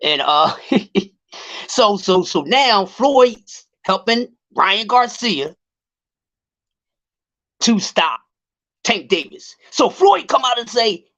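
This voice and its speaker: Animated, profane man ranting about boxing. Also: sits high. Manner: profane, heated, drawn-out repeated words. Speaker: boxing commentary vlogger. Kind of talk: casual livestream rant.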